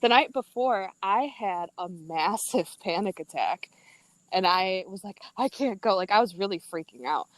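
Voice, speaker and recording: A young woman guest in a casual chat, telling stories with lively energy and frequent laughter. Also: mid-range voice, moderate pace, no room sound, rough recording. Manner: laughing, animated storyteller.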